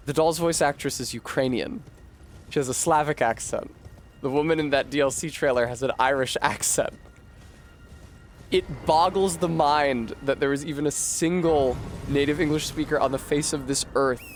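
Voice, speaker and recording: A man's voice: a little high, a little hiss or hum. A man streaming a video game, chatting casually with viewers in a rambling, profane way. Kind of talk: casual chat while gaming.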